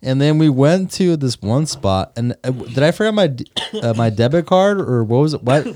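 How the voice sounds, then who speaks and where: A young man co-hosting a podcast, telling stories in an animated, profane, laughing way. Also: medium pitch, normal speed. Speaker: podcast co-host. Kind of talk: casual chat. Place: podcast studio.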